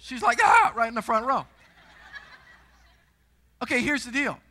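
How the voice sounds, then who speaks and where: A middle-aged man preaching a sermon in a church, telling stories with animated energy and sudden shouts. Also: very high voice, a little slow. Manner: storytelling, animated, shouts and screams for effect. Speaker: guest preacher. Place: church auditorium.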